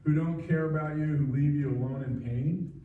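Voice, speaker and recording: A man voicing a calm, probing male counselor within a sermon story, asking gentle questions. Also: fairly high pitch, moderate pace, heavy reverb, far from the mic, narrow, tinny audio, lightly acted. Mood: gently probing.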